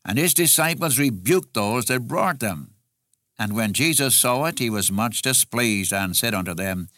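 A man's voice: mid-range voice, animated, moderate pace, sharp tone, dry recording, studio quality. A man preaching an expository sermon in an earnest way, repeating phrases for emphasis.

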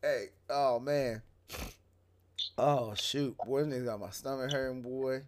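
A man in casual chat, reacting with loud laughs and slangy banter. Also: mid-range voice, slow, slight background noise.

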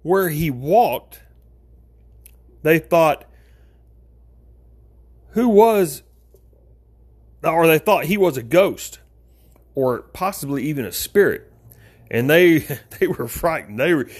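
A man preaching an informal sermon, talking straight to his listeners as folks, with big swings in pitch.

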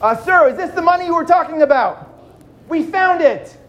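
A man's voice: very high-pitched, animated, normal speed, fairly bright tone, highs cut off, voice pushed up. A man voicing a curt undercover police officer giving orders. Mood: stern. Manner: curt, commanding. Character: brusque male undercover cop.

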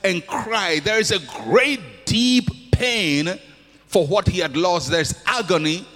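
A man's voice: high voice, animated, slow, sharp tone, faint music behind. A man preaching a sermon with an impassioned, repetitive cadence in a church hall. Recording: long hall reverb.

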